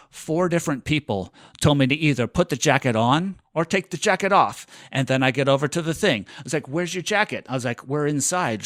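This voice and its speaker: A man's voice: mid-range voice, no room sound. Man, podcast co-host, casual storytelling, rambling and self-mocking, dry close sound.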